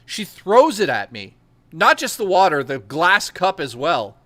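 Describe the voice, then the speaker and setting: Young male storyteller, bright voice, slightly raised pitch, dry close sound, crude and animated. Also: unhurried, no echo. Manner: crude, animated storytelling with lots of swearing and laughter. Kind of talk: casual chat.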